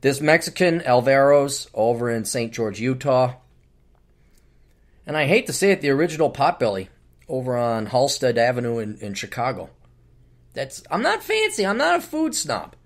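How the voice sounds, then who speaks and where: A man's voice: mid-range voice, very animated, normal speed. A middle-aged man hosting a podcast, ranting solo in a blunt, profane, sarcastic way. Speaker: podcast host.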